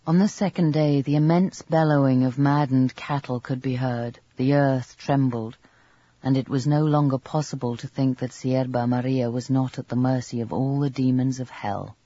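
A man reading a novel aloud as an audiobook narrator, in a measured, even storytelling manner. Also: mid-range voice, no room sound, muffled recording. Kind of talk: scripted narration.

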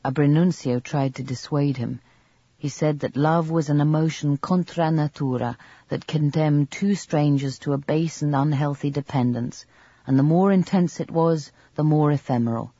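A man reading a novel aloud as an audiobook narrator, in a measured, even storytelling manner. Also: a little high, slightly rough, no echo, lo-fi sound. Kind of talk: scripted narration.

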